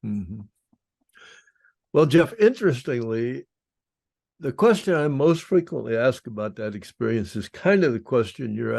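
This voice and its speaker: A man's voice: medium pitch, gravelly, a little mellow, dry recording, studio quality. An older man, a former prisoner of war, telling his story in an interview in a plain-spoken, wry, self-deprecating way.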